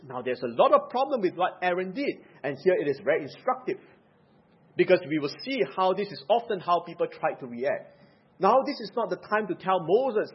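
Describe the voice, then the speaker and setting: A male preacher with a high, lively voice and a husky edge, delivering an emphatic sermon. He swings from loud, pressed stresses to quiet, low asides. The recording sounds dull and lo-fi. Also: moderate pace.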